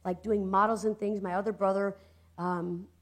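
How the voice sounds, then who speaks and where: A woman from Ohio, a guest in casual conversation, telling stories with lively energy and frequent laughter. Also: medium pitch, normal speed. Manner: animated storyteller, voices quotes, laughs a lot. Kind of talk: casual chat, storytelling.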